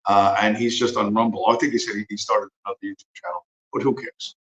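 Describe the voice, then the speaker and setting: A man's voice: on the low side, level tone, fast talker, fairly bright tone, roomy sound, low-quality recording. A man hosting a livestream, talking in a profane, rambling, sarcastic way. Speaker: livestream host. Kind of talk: casual rambling commentary.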